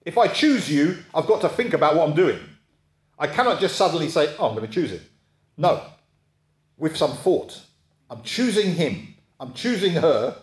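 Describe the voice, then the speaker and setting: A man preaching a sermon, talking in a conversational way and often checking in with his listeners. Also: a little high. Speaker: pastor. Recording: echoey room.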